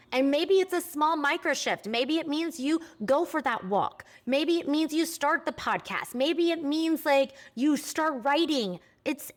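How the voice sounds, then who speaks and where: A woman in her forties talking candidly to camera in a spiritual vlog, passionate and blunt, swearing casually and getting emotional at times. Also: sits high. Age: 40s. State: emotional, near tears at times. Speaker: spiritual vlogger.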